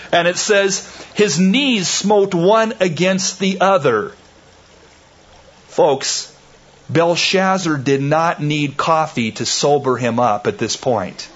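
Male preacher mid-sermon, slow and measured, bursts into loud dramatic emphasis, dull lo-fi tape. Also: medium pitch. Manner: slow, deliberate phrasing. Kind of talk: expository sermon.

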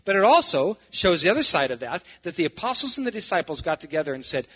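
A man's voice: a little high, sing-song, fast talker, bright, forceful tone, husky, muffled recording. A man preaching as a pastor, reading scripture aloud and adding sarcastic, emphatic asides. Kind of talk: sermon.

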